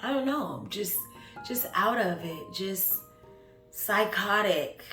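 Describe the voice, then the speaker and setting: Slow, halting woman in an echoey room. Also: mid-range voice, animated, music in the background. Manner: halting, with frequent pauses and fillers; earnest, reflective. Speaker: vlogger telling her own story. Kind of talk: personal storytelling.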